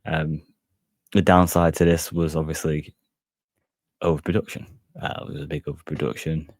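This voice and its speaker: A man's voice: extremely low pitch, flat delivery, moderate pace, darkish tone, no echo. A man hosting a casual solo podcast, rambling and hedging with lots of fillers. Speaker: podcast host.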